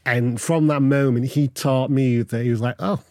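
Young man, candid storyteller, mid pitch, dry close sound. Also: moderate pace, no room sound. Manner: candid, animated storyteller acting out quoted voices. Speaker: guest. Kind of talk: podcast interview storytelling.

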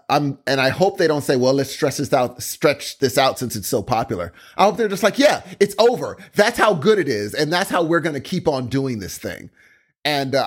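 A man in casual chat about a TV series, excitable, exclaiming often and restarting his sentences. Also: a little high. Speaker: co-host discussing a TV series.

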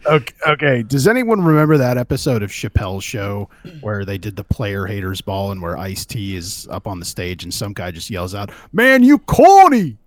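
A man co-hosting a casual music review chat, opinionated and animated. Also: fairly low pitch, brisk, hardly any pauses, no room sound.

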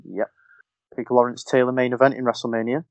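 A man's voice: medium pitch, little pitch movement, a little fast, a little mellow, dry recording. A man co-hosting a casual podcast and running a quiz, easygoing and agreeable. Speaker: podcast co-host and quizmaster.

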